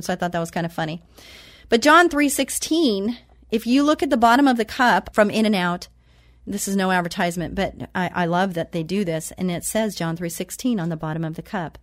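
A woman hosting a Christian talk show who reads scripture slowly and with emphasis, then chats casually. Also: medium pitch, no echo, clean studio sound.

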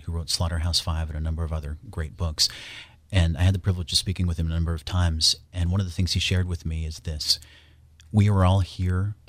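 A man's voice: deep voice, no echo. A man speaking as a radio guest, enthusiastic and promotional, reading scripture aloud. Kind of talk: radio interview talk.

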